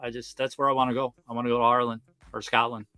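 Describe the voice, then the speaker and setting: Fast-talking Newfoundland man, bright voice. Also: medium pitch, flat delivery, clear, resonant tone, dry recording. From Newfoundland, Canada. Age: 30s. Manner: fast-talking, slangy, laughs often. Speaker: livestream host. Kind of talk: casual livestream chat.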